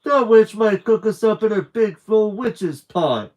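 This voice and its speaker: Loud frightened boy, drawn-out shouts, storybook read-aloud, voiced by a man. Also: sits high, lively intonation, lo-fi sound, voice pushed up. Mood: alarmed. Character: rowdy boy, loud and scared.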